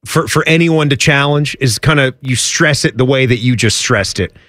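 A man's voice: mid-range voice, a bit bright, dry recording, studio quality. A man co-hosting a sports radio show, bantering casually with his partner, joking and laughing often as he tells stories. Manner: jokey, laughs often, quick asides.

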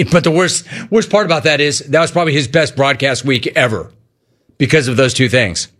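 A man hosting a sports talk show, talking casually in a mocking, animated way with quick asides. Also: medium pitch. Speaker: sports talk radio host.

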